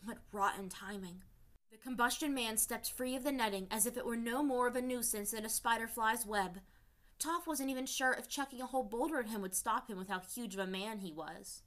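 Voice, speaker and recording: A woman reading fan fiction aloud in a steady storytelling voice. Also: fairly high pitch, brisk. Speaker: reader.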